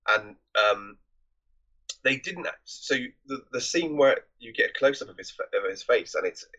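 A man's voice: mid-range voice, animated, moderate pace, a bit bright, lo-fi sound. A man co-hosting a podcast, talking eagerly about a film and often breaking off mid-sentence. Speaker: podcast co-host. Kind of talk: casual film review chat.

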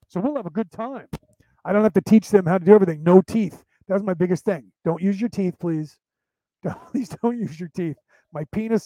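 A man's voice: high voice, dark tone, no room sound, poor audio. A man hosting a podcast, talking in a casual, rambling, crude and profane way and laughing often. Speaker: podcast host.

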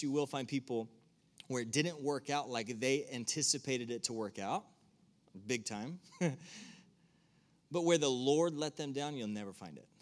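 A man preaching to a room, talking casually and putting direct questions to his listeners. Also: medium pitch. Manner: conversational, asks the audience direct questions. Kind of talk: sermon. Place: church room with an audience.

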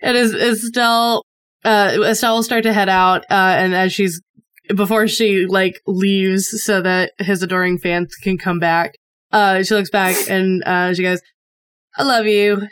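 A woman player describing her character's actions in a tabletop game, halting with uhs. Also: medium pitch, little pitch movement, fairly bright tone, clean tone, dry recording. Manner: hesitant, halting.

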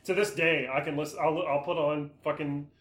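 A man's voice: a little high, fairly even intonation, fairly quick, fairly bright tone. Laid-back man, roomy echo. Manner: laid-back, laughs often, profane. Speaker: podcast co-host. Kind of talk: casual chat.

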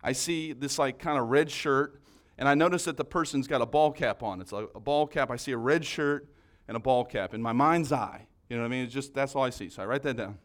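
A man's voice: mid-range voice, brisk. A man preaching a sermon, telling a story in a casual, conversational way with many restarts. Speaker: pastor.

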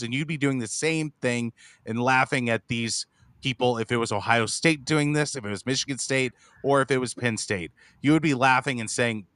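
A man co-hosting a sports podcast in heated casual chat, mocking and mimicking others in squeaky voices. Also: normal speed, fairly bright tone, no room sound. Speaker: podcast co-host.

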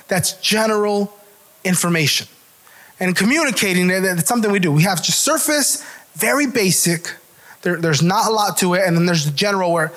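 A man's voice: sits high, animated, moderate pace, a bit bright. A pastor giving a conversational sermon to his church, often restarting his words and checking in with "right?".

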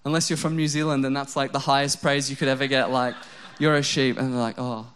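A man's voice: mid-range voice, steady tone, fast talker, a bit bright, clear, resonant tone. A young adult man preaching a casual sermon, mixing self-mocking jokes and lots of "like" fillers into his message. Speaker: pastor.

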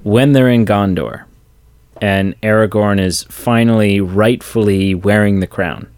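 A man's voice: fairly low pitch, a little slow, darkish tone, smooth, no echo, clean studio sound. A man co-hosting a podcast in casual movie chat, gushing with enthusiasm and acting out favorite lines. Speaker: podcast co-host.

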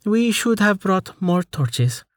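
A male narrator voicing an eager young woman adventurer who talks briskly and brightly. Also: high voice, sing-song, no echo, clean studio sound, voice pushed up, exaggerated voice. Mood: rueful.

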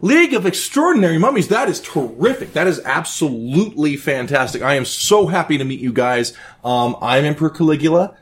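A man's voice: fairly high pitch, very animated, a little fast, hardly any pauses, breathy edge, pitched above the performer's own voice. A man voicing an overexcited, coked-out Roman emperor who rambles and gushes. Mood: manic chatter.

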